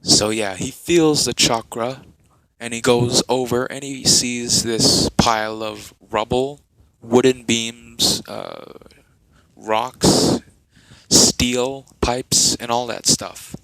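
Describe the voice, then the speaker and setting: A man telling a made-up fan story off the cuff, wandering through it with plenty of "like" and "uh". He speaks slowly and the sound is dry and close. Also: medium pitch, steady tone, fairly bright tone, dry recording, rough recording. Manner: rambling, many fillers and restarts. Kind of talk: improvised fan story narration.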